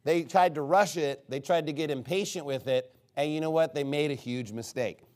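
A man preaching a sermon in a lively, sarcastic way, with a voice that sits somewhat high for a man. He throws rhetorical questions at the congregation and jabs at them with dry asides. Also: moderate pace. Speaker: pastor.

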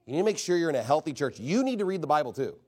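A man's voice: on the high side, big pitch swings, rapid-fire, a little mellow. A man preaching a sermon as pastor, emphatic and rhetorical, mocking objections in quoted voices.

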